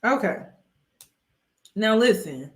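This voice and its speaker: A woman's voice: mid-range voice, animated, slow pace, reverberant. A woman vlogger giving casual, emphatic commentary to her viewers, repeating her points.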